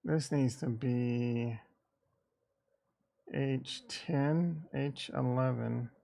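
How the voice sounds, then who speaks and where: A man from the Midwest talks slowly and loosely on a market livestream, with a gravelly, fry-edged voice. He rambles and thinks aloud, tossing in irreverent asides. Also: medium pitch, steady tone, dark tone. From American Midwest. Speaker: crypto and stock market streamer. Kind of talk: casual livestream chat.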